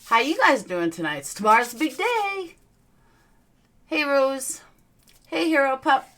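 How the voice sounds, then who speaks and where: A woman's voice: sits high, big pitch swings, a little slow, a bit bright. A young woman with a Southern US accent, hosting a casual livestream and greeting her viewers one by one in an upbeat way. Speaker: livestream host.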